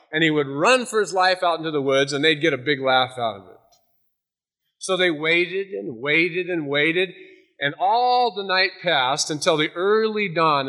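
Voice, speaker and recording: A man preaching a sermon in a bright, forceful voice pitched a little high. He moves from a light story into earnest exhortation. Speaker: pastor.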